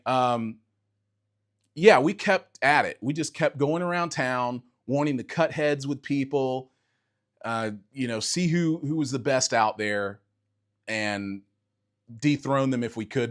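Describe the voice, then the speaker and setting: A middle-aged man, a bassist, telling a reflective personal story to camera in a casual conversational way, acting out quoted dialogue. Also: animated, measured pace. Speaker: bassist and video creator.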